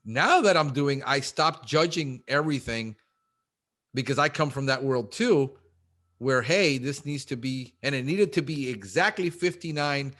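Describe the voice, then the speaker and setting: A man talking casually in an interview, animated and fast, acting out little quotes and calling the host bro. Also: mid-range voice. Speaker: guest, pest control business owner.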